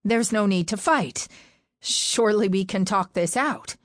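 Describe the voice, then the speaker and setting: A young woman mage, earnest and calm, trying to talk her way out of trouble, as an audiobook narrator gives her a slightly lifted voice. The sound is dry and close. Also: mid-range voice, unhurried, no echo, voice pushed up, natural voice. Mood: placating. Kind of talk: audiobook character voice.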